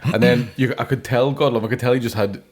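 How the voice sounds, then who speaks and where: A man's voice: mid-range voice, steady tone. A young man with a Northern Irish accent hosting a comedy podcast, telling crude stories in casual banter. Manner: rapid storytelling with crude banter. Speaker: podcast host.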